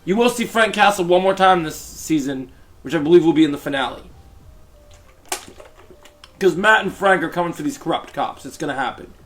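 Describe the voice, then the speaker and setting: Brief: male show reviewer, excited and rambling, a touch high-pitched. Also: a little fast, long pauses. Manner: enthusiastic, rambling. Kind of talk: casual episode review.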